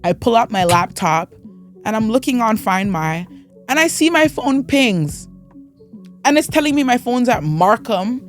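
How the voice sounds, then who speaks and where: Animated young woman telling a story. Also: unhurried, faint music behind. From Canada. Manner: animated storyteller who acts out quotes with big pitch jumps. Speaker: host. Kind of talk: casual storytelling recap.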